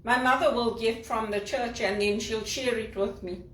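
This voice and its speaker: Zimbabwean woman, polished elocution, higher voice, impassioned monologue, set back from the mic in an echoey room. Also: fairly even intonation, moderate pace, a bit bright, far from the mic. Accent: Zimbabwean English, trained elocution. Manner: impassioned, indignant, rhetorical questions. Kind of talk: personal monologue vlog.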